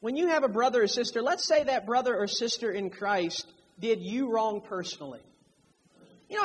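A man's voice: very high-pitched, slight background noise. A man preaching a sermon, emphatic, drawing out key phrases to stress them. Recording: long hall reverb.

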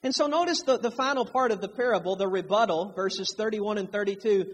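A man's voice: sits high, a little fast, breathy edge. A man preaching a sermon, emphatic, drawing out key phrases to stress them. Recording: long hall reverb.

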